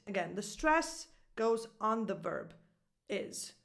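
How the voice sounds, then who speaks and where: A woman's voice: medium pitch, animated, slow, creaky. A woman in her thirties, a native Italian speaker, teaching English pronunciation and stressing example phrases with an exaggerated sing-song. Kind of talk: pronunciation lesson to camera.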